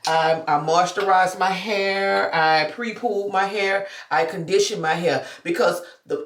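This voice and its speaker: A woman hosting a hair care vlog, chatting informally and talking viewers through her routine as she does it. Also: fairly low pitch. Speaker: natural hair care vlogger. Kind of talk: casual talk-through tutorial. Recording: echoey room, mic at a distance.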